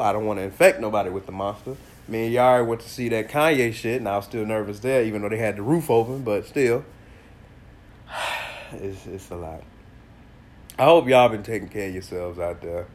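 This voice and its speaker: Solo podcast host, male, stuffy nose, loose profane storyteller who gets loud when excited. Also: fairly low pitch, fairly quick. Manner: animated storytelling, slangy and profane, bursts of laughter. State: congested. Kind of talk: casual solo podcast monologue.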